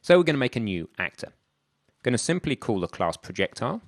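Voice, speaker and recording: A man's voice: mid-range voice, sing-song, quick pace, dry recording. A man thinking aloud in a chatty way as he works through a screen-recorded programming tutorial. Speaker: programming instructor.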